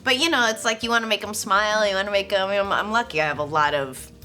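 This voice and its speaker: Guest, woman in her 40s, bright lively tone, rambling self-deprecating chat. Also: mid-range voice, fast talker, soft background music. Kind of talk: casual chat.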